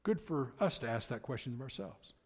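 A man preaching a sermon as pastor, swinging between loud emphatic lines and hushed asides. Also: medium pitch, sing-song, a little fast. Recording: long hall reverb.

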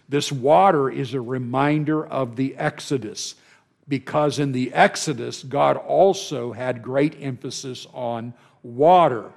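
A man at mid pitch teaches a Bible class, his voice carrying a gravelly edge. He talks through passages in an unhurried way, checks in with the listeners and repeats words as he restarts.

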